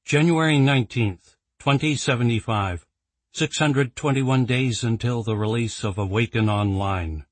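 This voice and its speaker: A man narrating an audiobook in an even, measured storytelling voice. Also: medium pitch, dry recording. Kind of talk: scripted narration.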